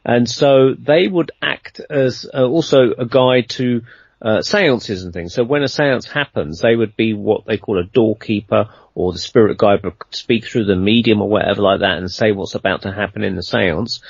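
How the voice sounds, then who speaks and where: A man's voice: lowish voice, moderate pace, gravelly, slightly rough, no echo, lo-fi sound. A man telling a long anecdote in a casual interview, rambling and conversational, with lots of fillers and restarts. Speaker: guest storyteller.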